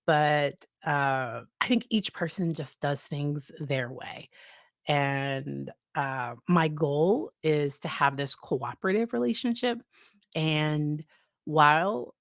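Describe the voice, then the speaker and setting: A woman psychologist hosts a casual educational talk about parenting, her voice sitting low in a studio-quality recording with no echo. She laughs often and acts out exchanges with her child.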